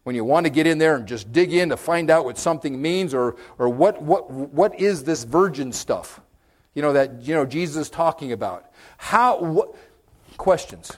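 A man preaching a conversational sermon, folksy and direct with his listeners, swinging from loud emphasis to hushed, whispered moments. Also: on the high side, animated, normal speed. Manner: folksy, direct, addresses listeners with okay and amen.

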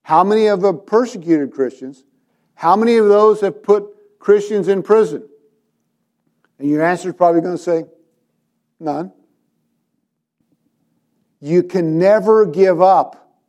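A man with a high-pitched, darkish voice preaches at normal speed to a church congregation, acting out scripture with quoted voices and asking the listeners direct questions.

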